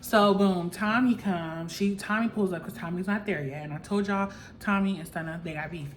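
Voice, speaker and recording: A woman's voice: medium pitch, normal speed, a little hiss or hum. A woman vlogger casually recapping a reality show episode in a chatty, gossipy way, full of "like" fillers.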